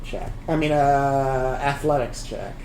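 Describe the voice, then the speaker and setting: A game master with a mid-range voice narrates a tabletop game slowly, in a relaxed, hesitant manner full of fillers. The recording comes from an echoey room with faint background noise.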